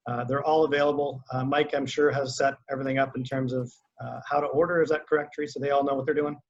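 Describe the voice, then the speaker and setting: A man, a winery sales rep, talks through a wine tasting in a relaxed, conversational way on a video call, with many fillers. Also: mid-range voice, quick pace. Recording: muffled lo-fi call audio.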